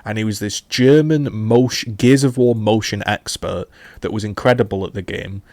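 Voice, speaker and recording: A man's voice: fairly low pitch, normal speed, a little mellow, no room sound. A man, a gaming YouTuber casually rambling through a retrospective with many fillers and restarts.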